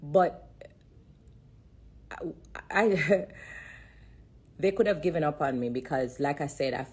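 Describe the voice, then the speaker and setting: Slow and pausing often, a woman with a low, slightly rough, a little mellow voice speaks animatedly in an emotional testimony. She streams it live on social media from her phone, repeating herself and fighting tears.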